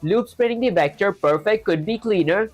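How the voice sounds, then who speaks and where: A man streaming live coding, talking quickly in a casual, chatty way, reading instructions aloud and filling gaps with fillers. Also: high voice, soft background music. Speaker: programming streamer.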